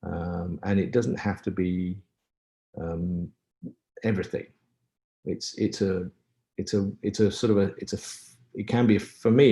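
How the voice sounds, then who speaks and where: A man's voice: low-pitched, warm tone. A man who composes for film, answering questions in a webinar in a reflective, wry and self-deprecating way over a video call. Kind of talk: webinar Q&A talk.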